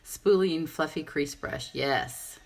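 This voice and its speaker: A woman's voice: sits low, takes it slowly, vocal fry. A woman giving a casual live makeup tutorial, chatty and rambling as she answers viewer comments. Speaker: makeup seller and presenter.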